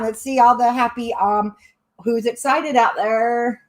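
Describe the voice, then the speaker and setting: A middle-aged woman hosting a live crafting stream, chatty, excitable and often breaking into giggles. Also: a little high, a little fast. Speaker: crafting channel host.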